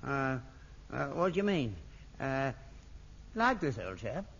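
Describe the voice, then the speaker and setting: Rough old cheeky geezer in an old radio sitcom, boastful and rambling, bouncy pitch, muffled old recording. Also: male voice, very animated, slow pace, fairly bright tone, heavily acted. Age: older. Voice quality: coarse, rough-edged voice. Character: coarse cheeky old male rag-and-bone man, war veteran. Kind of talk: 1960s radio sitcom acting.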